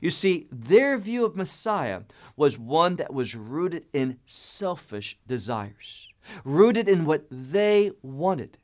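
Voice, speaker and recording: A man leads a Bible study in a slightly high voice that rises and falls a great deal. He stresses key words and often restarts a phrase to press a point home. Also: sing-song, slow pace. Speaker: Bible teacher.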